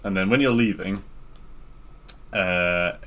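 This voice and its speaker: Low-ish guy voice, podcast co-host, lots of uhs and likes, teasing. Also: slow, a bit bright. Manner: loose, filler-heavy, teasing. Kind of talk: casual podcast chat.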